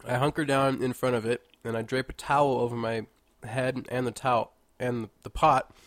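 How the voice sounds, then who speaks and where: A man's voice: medium pitch, flat delivery, normal speed, dry recording. A congested man hosting a casual solo monologue, rambling and jokey with mock-indignant asides, indoors at home. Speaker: podcast host.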